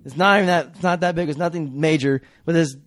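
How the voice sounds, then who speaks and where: Young guy talking fast and high, angry, swears a ton. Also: fairly bright tone. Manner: hot-headed, swears a lot. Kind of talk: casual chat.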